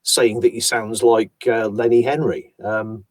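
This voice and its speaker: A man from Yorkshire, an audiobook narrator, chatting about his voice work in an animated storytelling manner. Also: mid-range voice, a little slow. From Yorkshire, England. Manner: animated, chatty storyteller who slips into accents. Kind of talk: casual conversation about voice work.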